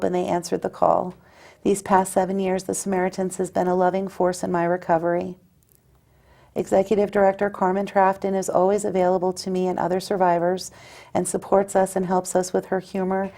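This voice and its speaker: A woman with a low, gravelly voice speaks in a steady, even testimonial, with a dark tone and little rise and fall. Her delivery is measured and earnest throughout. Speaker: suicide loss survivor sharing her story. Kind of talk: personal testimonial.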